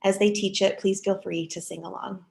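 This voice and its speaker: Calm woman leading a worship service. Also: medium pitch, moderate pace, vocal fry, roomy sound, a little hiss or hum. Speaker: worship leader. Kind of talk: reflective service reading.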